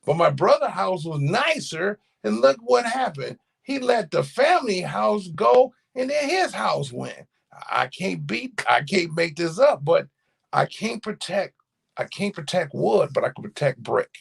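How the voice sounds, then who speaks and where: A middle-aged man rambles through family stories in a loose, profane monologue. His voice is gravelly and a bit husky, and his pitch swings widely as he tells it. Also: unhurried. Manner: animated storytelling, profane slang. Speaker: commentator. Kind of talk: casual monologue.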